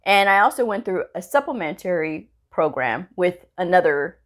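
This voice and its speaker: Brief: woman vlogger, conversational storyteller, quotes dialogue with lively jumps up in pitch, peppers talk with "okay?" and "you know". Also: moderate pace. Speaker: medical coder sharing career advice. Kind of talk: casual storytelling vlog.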